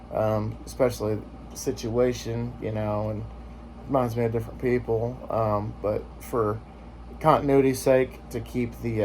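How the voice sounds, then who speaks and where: A man's voice: medium pitch, a little mellow, a little hiss or hum. A man vlogging in casual chat, joking and rambling with lots of filler words.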